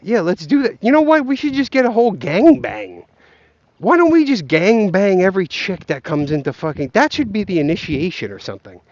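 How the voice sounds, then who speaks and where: A man's voice: high voice, big pitch swings, fairly quick, dry recording, highs cut off. A man ranting and joking while walking outdoors, profane and rambling, talking straight to his viewers. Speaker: vlogger. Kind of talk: rambling comic rant. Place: outdoors, walking along a path.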